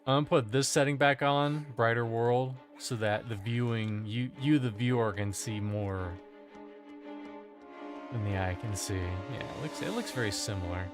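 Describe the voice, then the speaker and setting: A man's voice: medium pitch, normal speed, music in the background. A man streaming a video game, chatting casually and rambling with jokes and swearing. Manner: joking, profane, rambling. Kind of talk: casual gameplay commentary.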